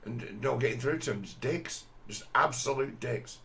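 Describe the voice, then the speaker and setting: A man's voice: mid-range voice, normal speed, creaky, a bit bright. A man giving a crude, scornful commentary over a video, often mimicking the people he mocks.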